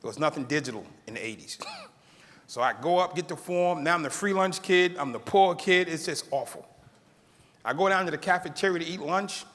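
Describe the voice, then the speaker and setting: A middle-aged man tells his life story to an audience, acting out the people in it and laughing now and then. His voice sits a little high. The sound carries the long echo of a large hall. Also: fairly quick. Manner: animated, acts out quoted voices. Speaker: keynote speaker.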